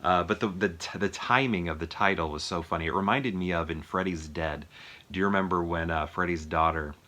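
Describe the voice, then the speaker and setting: A man's voice: low voice, pushed and bright. A man casually reviewing a film as a vlog host, rambling with lots of fillers and chuckles. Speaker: movie review vlogger. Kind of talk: casual chat.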